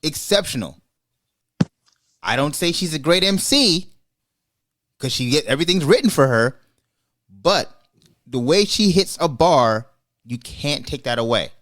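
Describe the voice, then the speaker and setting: A man's voice: fairly high pitch, lively intonation, unhurried, pauses often, fairly bright tone. A man hosts a casual podcast debate and gives his opinions emphatically. He speeds up when he drives a point home. His delivery is conversational and direct. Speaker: podcast host.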